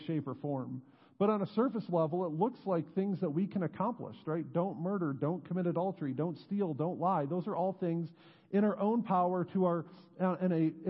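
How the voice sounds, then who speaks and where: A man preaching a sermon as pastor, earnest, dropping low and slow on key words. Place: church sanctuary. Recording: muffled sound with long church reverb.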